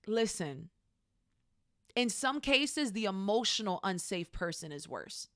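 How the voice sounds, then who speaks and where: A woman's voice: a little high, sing-song, measured pace, bright, forceful tone, dry recording, clean studio sound. A young adult woman, a counselor, teaching an informal class in an emphatic, conversational way and repeating her key points.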